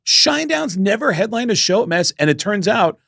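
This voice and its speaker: A middle-aged man on a podcast tells a rambling story with real energy. His pitch jumps up whenever he quotes someone, and he drops in casual swearing. The sound is dry and close, with no room around it. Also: big pitch swings, quick pace, gravelly, a bit bright, no room sound. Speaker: podcast co-host.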